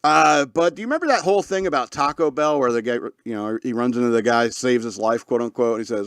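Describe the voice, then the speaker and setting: A man's voice: medium pitch, quick pace, few pauses, no echo, clean studio sound. A man hosting a podcast, talking casually and rambling through his opinions with frequent restarts and chuckles. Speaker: podcast host.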